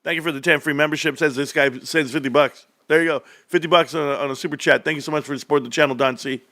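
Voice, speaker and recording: A middle-aged man hosting a casual livestream, energetic and animated, laughing often. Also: on the high side, fast talker, dry recording. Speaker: livestream host.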